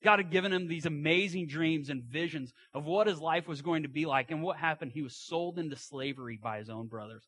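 A man's voice: a little high, fairly quick, hardly any pauses, a bit bright, dry recording. A man preaching a sermon, retelling a story in a folksy way with asides and acted-out quotes.

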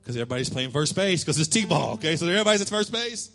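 A male pastor preaching a sermon in church, telling a lively story and calling out cheers in a raised voice. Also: fairly high pitch, rapid-fire, faint music behind. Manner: animated storytelling, shouting quoted cheers.

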